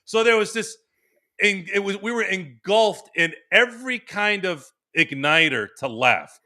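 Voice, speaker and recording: Podcast host, male, forties, bright forceful voice, rambling animated storyteller. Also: sits high, unhurried. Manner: animated, laughing storyteller with many restarts. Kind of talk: casual storytelling. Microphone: remote stream microphone.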